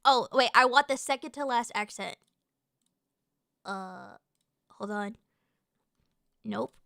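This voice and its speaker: A woman streaming as a VTuber in casual chat, loud, swearing often and tripping over her words. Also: on the high side, takes it slowly, gravelly, no room sound, studio quality. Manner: loud, swears a lot, stumbling restarts. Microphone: streaming mic.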